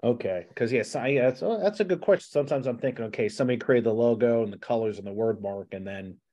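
A man's voice: mid-range voice, fast, dark tone. A man hosting a podcast interview, chatting casually with lots of restarts and asides. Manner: rambling, many restarts and asides. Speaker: podcast host.

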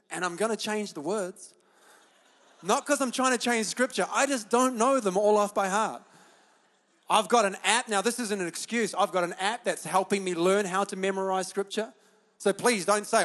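Male pastor, high-pitched, impassioned sermon that swings from confession to rallying the room; long church-hall reverb. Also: fairly bright tone. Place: church auditorium.

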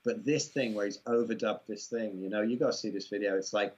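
A man's voice: medium pitch, quick pace, few pauses, slightly rough. An older man with an English accent, chatting casually as an interview guest, rambling with many fillers and restarts in an amused way. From England.

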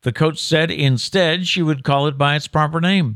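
Male co-host, animated pitch, dry close studio sound, reads with mock-formal emphasis. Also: normal speed, no room sound. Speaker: co-host of a daily news show. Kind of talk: casual chat, reading out an article.

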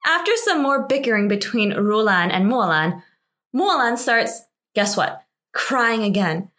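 A woman's voice: a little high, expressive, unhurried, fairly bright tone. A woman hosting a drama recap, narrating scripted commentary in a wry, chatty, lightly sarcastic way.

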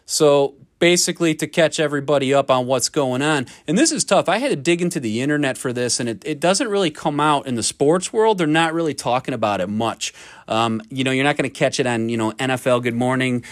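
Male podcast host, casual sports chat, lively and profane, busts chops, dry booth. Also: medium pitch, fairly quick, no echo. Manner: animated, ribbing, profane.

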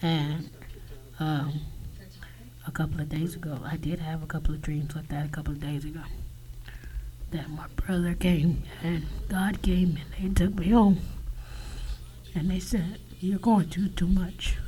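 A man talking alone on his podcast in a halting confessional monologue, often dropping to a whisper and swearing. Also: a little high, flat delivery, dark tone, poor audio. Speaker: podcast host.

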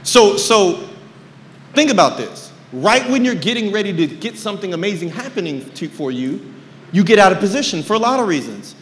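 A man preaching a sermon to his church, shouting points and breaking into joking asides. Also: high voice, big pitch swings, moderate pace. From California. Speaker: pastor. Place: large church sanctuary. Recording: reverberant church hall.

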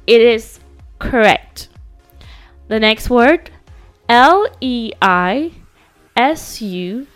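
A woman's voice: a little high, a bit bright. A woman teaching English pronunciation, spelling words out letter by letter in a reassuring, playful way. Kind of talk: pronunciation lesson.

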